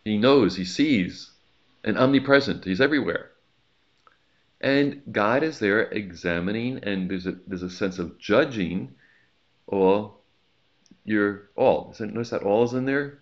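A man with a very low voice gives a sermon in a loose, chatty way, breaking off for asides. The recording sounds slightly muffled and lo-fi. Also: a little slow. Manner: conversational preaching with asides and jokes. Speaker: pastor.

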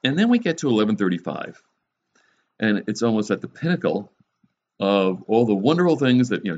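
A man's voice: lowish voice, very animated, brisk, a little mellow, dull audio. A man preaching a conversational sermon, mixing scripture teaching with wry, sarcastic jokes. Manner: wry, joking asides with sarcasm.

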